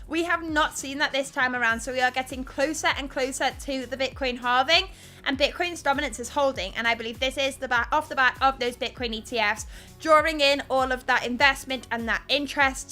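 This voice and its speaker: A young woman hosts a live crypto news stream, explaining markets and reading chat in a candid, conversational way. Her voice is high, pushed and bright.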